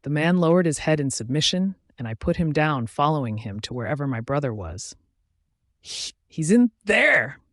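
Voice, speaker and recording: A man's voice: fairly high pitch, fairly quick, few pauses, no room sound, studio quality. A man narrating a first-person werewolf romance story in a dramatic storytelling reading.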